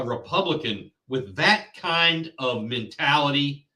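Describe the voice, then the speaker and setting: A man's voice: fairly high pitch, lively intonation, slow pace, sharp tone, echoey room, recorded from a distance, poor audio. A man hosting a political show, ranting in angry, insulting commentary. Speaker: podcast host.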